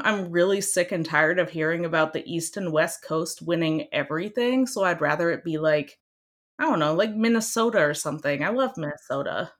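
Animated young woman, lowish voice. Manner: animated, emphatic, laughs often. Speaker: guest. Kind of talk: casual chat.

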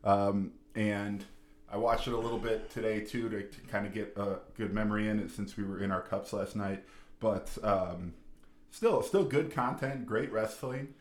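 A man co-hosting a podcast in casual chat, measured and easygoing, recorded in an echoey room. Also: lowish voice, steady tone. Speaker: podcast co-host.

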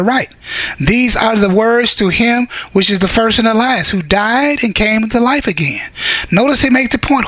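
A man preaching a fervent sermon, reading scripture aloud and breaking into shouts to drive his points home. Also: sits high, expressive, normal speed, dry recording.

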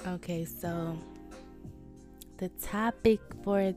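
A woman's voice: on the low side, steady tone, very slow, a little mellow, soft background music. Cussing, self-mocking woman podcaster. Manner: profane, self-deprecating venting. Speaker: podcast host. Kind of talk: casual solo podcast monologue.

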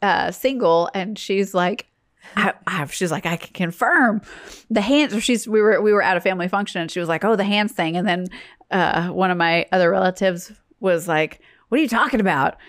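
Middle-aged woman, podcast co-host: lively storyteller, acts out quotes, swears freely, loose and chatty. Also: mid-range voice, moderate pace. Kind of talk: casual chat.

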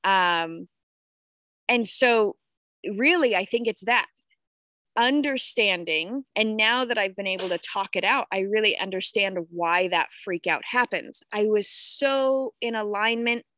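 A podcast host in her thirties speaks candidly about parenting and spirituality on a casual live talk, swearing freely and greeting viewers along the way. Her medium-pitched voice is bright and forceful, a little slow, with no room sound.

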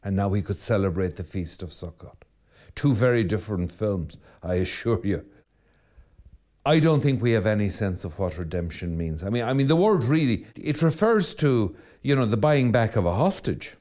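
A priest giving a reflective sermon that drifts into storytelling. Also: male voice, fairly low pitch, animated, moderate pace, warm tone. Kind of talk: spoken sermon.

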